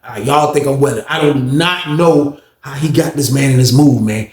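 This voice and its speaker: A man telling a story in casual slang, animated and acting out other people's voices. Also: medium pitch, moderate pace, reverberant.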